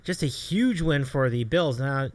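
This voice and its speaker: A man's voice: medium pitch, a little slow, no room sound. A man hosting a sports podcast, animatedly moving the talk on to the next segment. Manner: animated, segment-introducing host. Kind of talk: casual sports chat.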